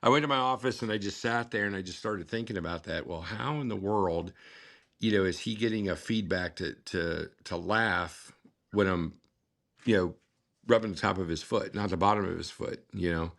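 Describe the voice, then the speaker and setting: A man's voice: low voice, normal speed, vocal fry, a bit bright. A middle-aged man from the United States, a father telling a long story in an interview, rambling with many fillers and acting out past dialogue. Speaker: guest, father and scuba therapy founder.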